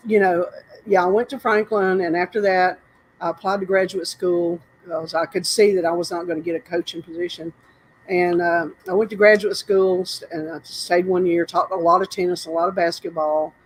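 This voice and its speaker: A woman's voice: lowish voice, steady tone, normal speed, poor audio. An older woman from North Carolina, telling stories in a casual, rambling interview, often breaking off and laughing. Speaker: interview guest. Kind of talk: casual storytelling.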